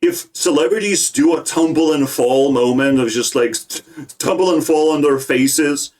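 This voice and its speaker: A man's voice: fairly high pitch, moderate pace, a little mellow. A young man ranting in agitated, profane reaction commentary on politics.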